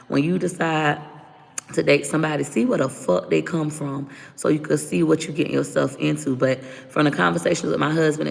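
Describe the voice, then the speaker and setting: A woman's voice: sits low, gravelly, in a large hall. A woman around forty telling a candid personal story as a vlogger, blunt, profane and unfiltered.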